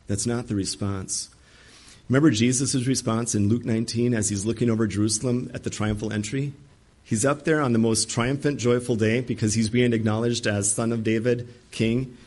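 A man delivering a sermon with strong emphasis and energy. He slips into the voices of the people he quotes. His pitch sits in an ordinary middle range. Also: darkish tone. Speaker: pastor.

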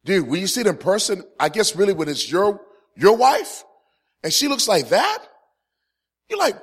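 Animated storytelling man, slightly high voice. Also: normal speed, pauses often, breathy edge. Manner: animated storyteller, swings from loud punchlines to quiet earnest points. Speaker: Christian ministry speaker. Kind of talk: humorous personal testimony to a live audience.

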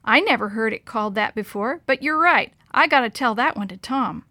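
A woman's voice: on the high side, expressive, a little fast, sharp tone, dry recording. A woman doing a folksy drawling river guide. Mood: amused. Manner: folksy drawl, rough grammar. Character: drawling rugged adult male river guide.

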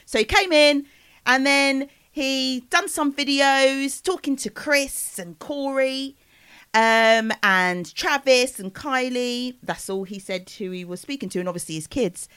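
A woman co-hosting a podcast, telling gossip in a casual, animated way and jumping into impressions. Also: sits high, a little slow, clean tone, dry recording. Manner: animated storyteller, jumps into impressions. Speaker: podcast co-host.

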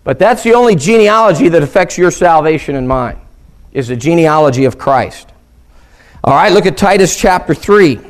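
A man's voice: fairly high pitch, animated. A man teaching a Bible lesson on a radio ministry, reading verses aloud and stressing key words. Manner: reads scripture aloud slowly, stressing key words with questions.

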